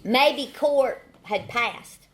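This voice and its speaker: A woman's voice: sits high, extremely slow, a little hiss or hum. Folksy Southern woman telling her story. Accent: Southern American. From Southern United States. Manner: folksy storytelling with repeated phrases and dry humor. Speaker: AA speaker. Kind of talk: recovery testimony talk.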